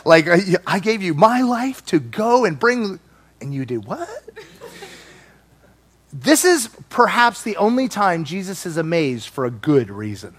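A man preaching a sermon with a high, lively voice that swoops all over. He is playful and animated and breaks into acted-out voices as he teaches. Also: moderate pace, hardly any pauses.

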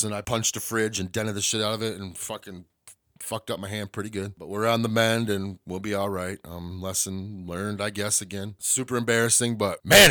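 A man's voice: fairly low pitch, sharp tone, no room sound. A man hosting his own podcast, ranting bluntly and swearing often in a casual monologue from a small home studio. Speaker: podcast host.

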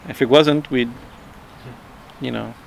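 Gravelly man with a halting talk. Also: medium pitch, fairly even intonation, darkish tone, slight background noise. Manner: halting, repeats words, frequent "right?" asides; chuckles while explaining. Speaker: spiritual teacher. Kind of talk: informal spiritual talk.

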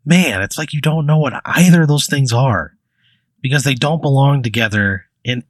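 A man's voice: mid-range voice, moderate pace, dry recording. A man in casual comic banter, reacting with profane exasperation.

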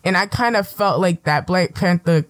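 A woman in a casual podcast chat, giving animated opinions at a quick clip. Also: lowish voice.

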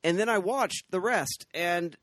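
A man co-hosting a podcast, giving a weary, deadpan movie review in casual chat. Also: high-pitched, unhurried, dry recording. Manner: weary, deadpan, repeats himself. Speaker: podcast co-host.

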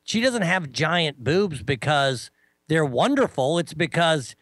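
A man chatting casually as a co-host, telling a lively story and mimicking others in a high voice. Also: takes it slowly, no room sound. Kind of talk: casual chat.

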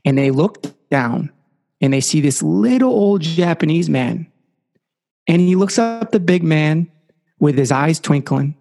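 A man's voice: a little high, expressive, measured pace, gravelly, darkish tone, in a large hall. A man, a podcast guest, telling a story casually and animatedly, with lots of "like" and "you know.".

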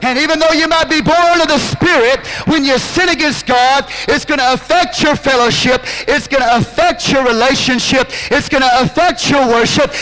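A pastor preaching a sermon, impassioned, drawing out phrases and breaking into shouts. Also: male voice, very high-pitched, rough recording.

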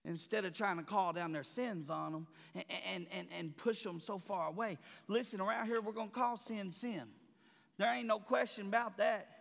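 Preaching at normal speed in a creaky voice, a male pastor moves between hushed murmurs and loud, high-pitched shouts. His delivery is dramatic and colloquial, echoing in a large room.

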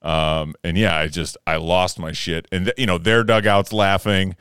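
Deep-voiced man telling a heated story. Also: moderate pace, clear, resonant tone, no room sound, clean studio sound. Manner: animated, swears a lot, yells when retelling anger. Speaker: podcast co-host. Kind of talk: casual chat, storytelling.

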